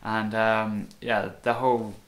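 A man's voice: fairly low pitch, level tone, slow. A man hosting a reaction video, talking in a casual, earnest and reflective way, loose with fillers.

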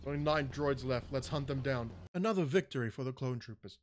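A man giving excitable, panicky running commentary while he plays a shooter game. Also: medium pitch, brisk, a little hiss or hum. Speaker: gaming channel host. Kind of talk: gameplay commentary.

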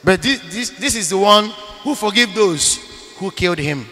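High, bright-voiced preaching priest. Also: male voice, expressive, moderate pace, in a large hall. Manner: emphatic preaching with sudden loud bursts; repeats phrases for emphasis. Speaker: Catholic priest. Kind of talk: sermon.

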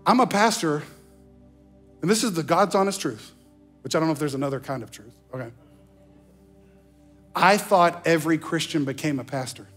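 A man preaching a sermon as pastor, animated, slowing down to stress key phrases and slipping into mock voices. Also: fairly high pitch, husky, faint music behind. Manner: slows down for emphasis on key phrases. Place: church sanctuary.

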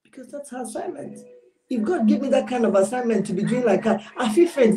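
A woman's voice: on the high side, warm tone. A woman giving an informal, exhorting online sermon, mixing in pidgin phrases. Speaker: preacher. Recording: roomy echo.

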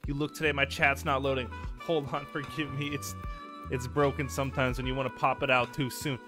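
A man's voice: mid-range voice, flat delivery, fairly quick, over music. A young man streaming a game live, rambling casually, swearing and greeting his chat by name. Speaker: gaming streamer.

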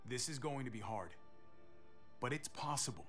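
An actor playing a calm, firm male survivor leading a group in a game, over music. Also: medium pitch, moderate pace, lightly acted. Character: steady grown male survivor leader. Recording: game audio with music behind.

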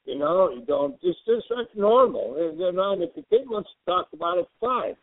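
Older guy coach, blunt and repetitive, high gravelly voice, sounds like a phone line. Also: expressive, moderate pace, no echo. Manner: blunt, repetitive, quoting himself. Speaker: tennis coach, guest. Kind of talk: storytelling interview.

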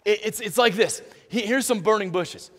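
A man preaching a sermon as pastor, animated, stumbling and restarting often, and acting out little dialogues. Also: sits high, moderate pace. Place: church sanctuary. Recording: reverberant church hall.

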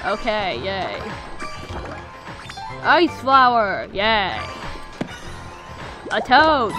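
A woman commenting on her video game as she plays, with excitable, squealing reactions. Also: on the high side. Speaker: gamer playing a video game. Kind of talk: let's play commentary.

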